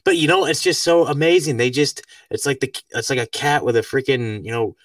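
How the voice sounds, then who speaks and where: A man rambles through a casual podcast chat, filling his talk with filler words and laughing easily. His voice is dry and sounds a little distant from the mic. His pitch sits in a middling range. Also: fairly quick, fairly bright tone, no echo. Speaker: podcast host.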